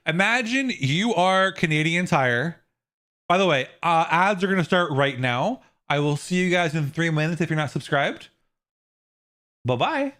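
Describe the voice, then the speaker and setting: A man streaming a game, chatting casually and rambling, swinging from high squealing outbursts to low trailing mumbles, swearing freely. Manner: rambling and excitable, jumping into high squeals and mock outrage. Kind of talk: casual livestream chat while gaming.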